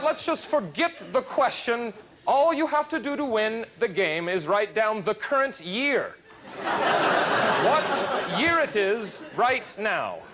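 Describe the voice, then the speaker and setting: An actor playing an exasperated game show host in a TV comedy sketch, strained and clipped. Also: male voice, very high-pitched, exaggerated voice, low-quality recording. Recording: TV clip, loud studio audience, music. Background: loud studio audience laughter and music.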